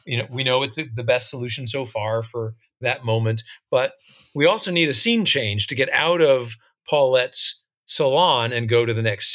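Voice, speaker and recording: A man who writes songs for musicals, telling backstage stories with animated delivery and laughing along as he tells them. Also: mid-range voice. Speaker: musical songwriter. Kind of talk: casual storytelling interview.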